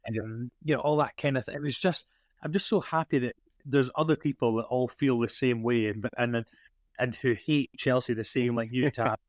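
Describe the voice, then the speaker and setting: A man hosting a casual fan podcast, talking excitedly and rambling with frequent restarts. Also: mid-range voice, moderate pace, dry recording, clean studio sound. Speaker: podcast host.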